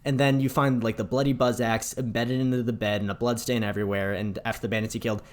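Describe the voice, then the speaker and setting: Animated man retelling game scenes. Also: mid-range voice, fast talker. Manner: animated retelling, acts out villain lines with mocking voices. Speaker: podcast co-host. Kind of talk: casual chat about video games.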